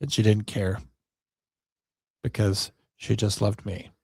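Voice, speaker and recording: A man's voice: on the low side, fairly even intonation, takes it slowly, darkish tone, breathy edge, no room sound, studio quality. A man hosting a solo podcast, rambling in a wry, self-deprecating way. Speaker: podcast host.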